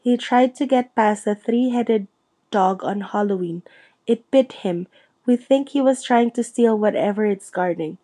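A woman reads a determined young boy, frank and measured, who lays out the facts plainly. His voice keeps an ordinary middle pitch. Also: mellow, lightly acted.

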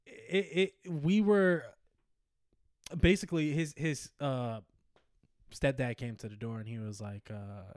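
A man's voice: medium pitch, fairly even intonation, slow, pauses often, no room sound, studio quality. A man co-hosting a casual podcast, telling a long story with lots of laughter and acted-out quotes. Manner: rambling, laughs often, acts out quotes. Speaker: podcast co-host.

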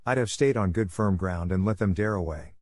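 A low-voiced man playing a stern middle-aged guardian from a storybook, sharp and shrewish in tone. The sound is dry and close. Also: a little fast, no echo, close to an everyday voice.

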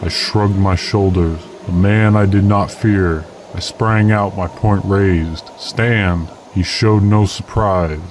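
Deep-voiced man narrating an old tale. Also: a little hiss or hum, low-quality recording. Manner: measured, steady first-person narration. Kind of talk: storytelling reading of an old tale.

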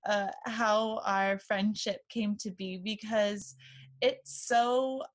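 A woman's voice: mid-range voice, steady tone, slow pace. Woman host in her 30s, chatty storyteller, casual podcast chat. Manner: warm, chatty storytelling with fillers.

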